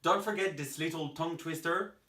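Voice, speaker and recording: A young man from France, teaching English pronunciation to camera, emphatic and spelling out sounds slowly. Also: a little high, bright, forceful tone, reverberant.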